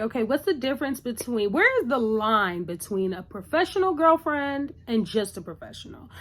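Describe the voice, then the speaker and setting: Chatty woman with a lively voice. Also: fairly high pitch. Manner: chatty and opinionated, with lots of "like" and "you know". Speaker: TV episode recap vlogger. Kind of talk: casual episode recap.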